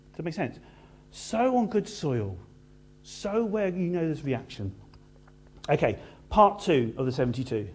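A man preaching a sermon in an animated, conversational way with playful asides. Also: on the high side, a little hiss or hum.

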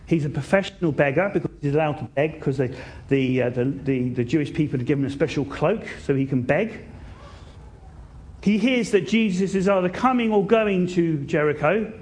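A man preaching a sermon, telling a story in an animated way and swinging between loud bursts and hushed moments. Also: a little high, normal speed.

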